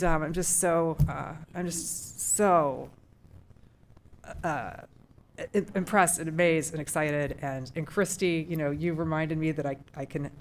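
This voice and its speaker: Woman, middle-aged, low voice, school board member, heartfelt, emotional, rambling, meeting room. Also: a little hiss or hum. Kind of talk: public meeting remarks.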